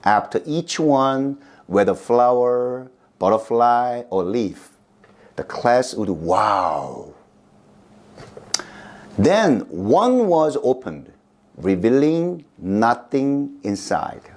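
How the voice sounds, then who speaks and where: A middle-aged man with a Korean accent preaches a sermon at an unhurried pace. His pitch rises and falls widely as he stresses words, and his voice sits in a moderate range. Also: sing-song. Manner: slow, emphatic delivery with big pitch swings. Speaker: pastor.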